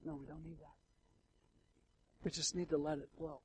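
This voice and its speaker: A middle-aged male pastor preaching a sermon in a conversational way, swinging from hushed, quiet passages to loud, emotional outbursts. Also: fairly high pitch, level tone, moderate pace, slight background noise, poor audio. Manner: conversational with fillers and restarts.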